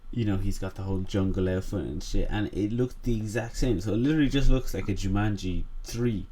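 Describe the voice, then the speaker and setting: A young man with a lowish voice co-hosting a casual podcast. He talks in a laid-back way, stopping often with ums and likes as he works out what he wants to say. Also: fairly quick, warm tone, husky. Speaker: podcast co-host. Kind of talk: casual chat.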